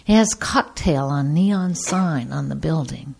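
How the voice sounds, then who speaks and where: A middle-aged woman giving a personal testimony to an audience, a lively storyteller who acts out the people in her story. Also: deep voice, a little slow, vocal fry, few pauses, breathy edge. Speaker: speaker sharing her recovery story.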